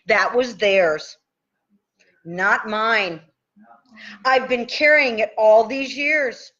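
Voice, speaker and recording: A woman's voice: mid-range voice, fairly bright tone. A woman leading a guided tapping session. She calls out the tapping points and repeats affirmations in an upbeat, chatty way, and now and then she swears casually. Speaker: tapping coach. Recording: muffled, dull live-stream audio.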